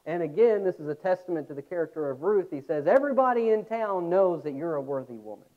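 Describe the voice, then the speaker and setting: A man preaching a sermon, earnest, with reflective pauses. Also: on the high side, lively intonation. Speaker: pastor. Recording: tinny phone-like sound.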